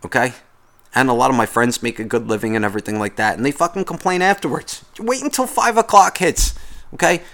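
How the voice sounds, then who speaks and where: A man's voice: medium pitch, a little fast, a bit bright. A man hosting a podcast, delivering a sarcastic, profanity-laced comedic rant. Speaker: podcast host.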